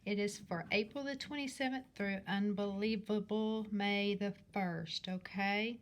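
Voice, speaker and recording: A woman teacher speaking slowly and clearly in a sing-song way to young children in a recorded class, with her questions jumping high. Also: fairly even intonation. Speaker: primary school teacher. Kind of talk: recorded remote class lesson.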